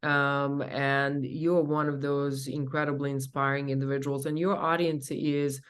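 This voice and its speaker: A woman in her forties from Bosnia, speaking as a professor and interview guest, earnest and thoughtful, pausing often on small fillers. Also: very deep voice, flat delivery, clear, resonant tone. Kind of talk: casual interview talk.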